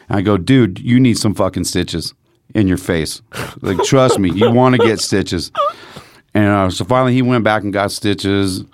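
A man's voice: on the low side, normal speed, no room sound, studio quality. A man telling profane stories in casual chat, acting out what people said. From United States. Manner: profane, animated storyteller acting out quotes. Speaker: podcast guest. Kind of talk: casual storytelling.

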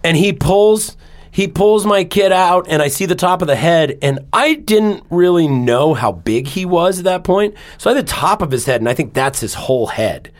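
A man on a podcast telling a personal story in casual chat, animated and swearing freely, acting out his own shouts. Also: high voice, normal speed. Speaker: podcast co-host.

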